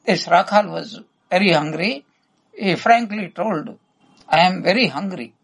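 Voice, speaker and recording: A man giving a devotional discourse, retelling stories with quoted dialogue and often clearing his throat. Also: high voice, poor audio. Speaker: spiritual teacher.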